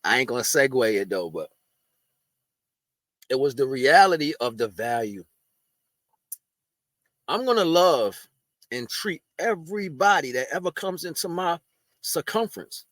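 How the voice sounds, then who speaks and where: High-voiced man preaching street-style. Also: a bit bright, no room sound. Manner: eating while talking. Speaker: spiritual video host. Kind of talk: casual spiritual monologue.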